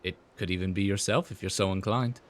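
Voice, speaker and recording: A man's voice: low-pitched, fairly even intonation, brisk, lightly acted. A man reading the lines of a polite male craft guild master in a video game, in an earnest, formal way. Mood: courteous.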